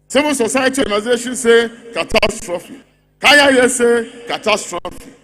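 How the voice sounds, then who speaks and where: A Ghanaian man with a high voice delivers a rally speech in a mocking, rhetorical manner. He keeps hammering a repeated refrain, and his voice rings with the long reverb of a big congress hall. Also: a bit bright. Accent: Ghanaian English. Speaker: party speaker at a congress.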